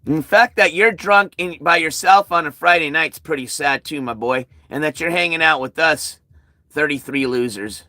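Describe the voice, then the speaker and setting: A man's voice: a little high, normal speed, pushed and bright, no echo. Blunt sarcastic man talking to his stream. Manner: blunt, sarcastic, addressing chat directly. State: tired. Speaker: livestream host. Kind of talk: casual livestream chat. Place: outdoors at night.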